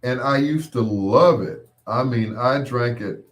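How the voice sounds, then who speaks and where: A man hosting his own show, telling rambling casual stories with laughs and quick mimicked voices of others. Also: medium pitch. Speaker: podcast host. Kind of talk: casual storytelling monologue.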